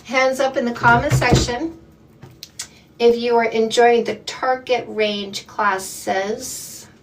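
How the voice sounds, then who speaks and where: A woman from Canada hosts a live call-in stream as a dating coach. She speaks in a slightly high voice at a deliberate, unhurried pace, stressing her words to encourage the women listening. She sits a little back from the microphone. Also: far from the mic, a little hiss or hum. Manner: slow, emphatic, encouraging, calls people "my love" and "ladies". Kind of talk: casual live-stream chat with callers.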